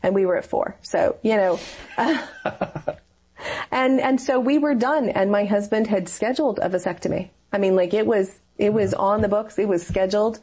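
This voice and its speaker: A woman's voice: mid-range voice, normal speed, mellow, husky. A woman telling a personal faith story in a conversation, earnest and rambling, with many fillers. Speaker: interview guest.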